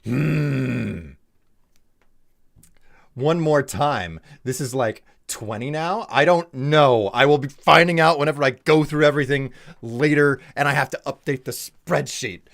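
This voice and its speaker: A man's voice: mid-range voice, a little slow, gravelly, a bit bright. A man streaming a game live, exasperated and swearing, teasing his chat.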